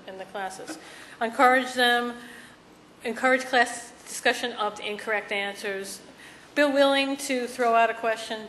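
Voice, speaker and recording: A woman giving a conference presentation, talking haltingly with many restarts and fillers. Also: medium pitch, fairly bright tone, slight background noise. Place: conference session room. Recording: echoey conference room.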